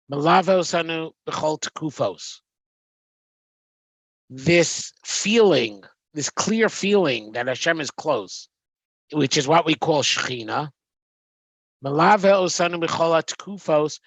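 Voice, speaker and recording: A man leads a text-study lesson, reading phrases aloud and then explaining them, often pausing on ums and restarting his sentences. His voice sits a little high for a man. The recording is dry and close, with no room sound. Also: a bit bright, no echo. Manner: reads Hebrew phrases then translates, hesitant with frequent ums. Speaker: Torah teacher.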